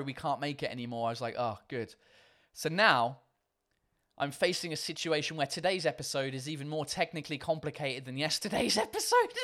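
A man's voice: a little high, pushed and bright. A tired man hosting a comedy podcast and livestream, chatting in a rambling, self-mocking way and swearing freely. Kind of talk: casual rambling chat.

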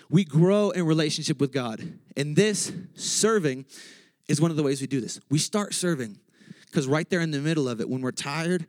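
Excitable, joking male preacher. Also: fairly high pitch, dry recording. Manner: excitable, joking, self-interrupting. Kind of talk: casual energetic sermon. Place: church.

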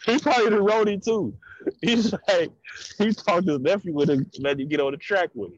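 A man's voice: high-pitched, no room sound, lo-fi sound. A man co-hosting a casual music reaction chat, full of slangy, teasing banter.

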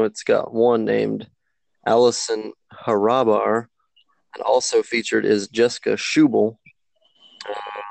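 A male podcast co-host in casual political talk, calm and measured, reading details from articles. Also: fairly low pitch, creaky, no echo, poor audio.

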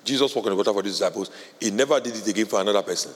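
A male pastor preaching a sermon with fervor, building from quiet, urgent stretches to loud shouted declarations. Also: lowish voice, racing. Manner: fervent preaching, rising to shouts. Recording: long hall reverb.

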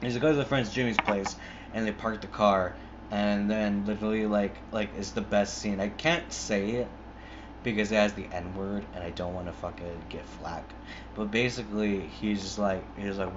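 A man's voice: on the low side, fairly even intonation, normal speed, noisy background. A young man casually retelling a movie plot in a rambling, profane way, full of "like" and restarts. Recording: muffled lo-fi recording.

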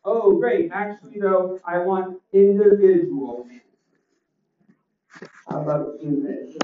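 A man doing a deadpan stand-up set with one-liners and crowd chat, his voice a little crackly, on a small club stage. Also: high-pitched, slow. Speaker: stand-up comedian. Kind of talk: open mic stand-up set. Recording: roomy, distant, dull club recording.

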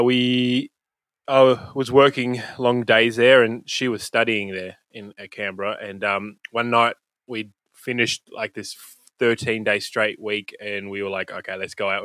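A man's voice: lowish voice, pushed and bright, dry recording. An Australian man chatting as a guest on a video call from a room at home, rambling through a story with lots of laughs and swearing. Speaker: podcast host, guest. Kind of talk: casual storytelling chat.

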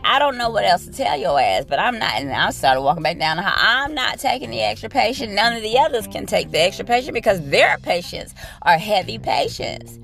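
A woman's voice: medium pitch, big pitch swings, a little fast, creaky, hardly any pauses, a bit bright. A woman nurse telling a work story as a blunt, profane and exasperated rant.

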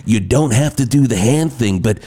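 A man hosting an improvised comedy radio show, telling rambling deadpan stories. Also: mid-range voice, moderate pace, slightly rough. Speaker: radio host.

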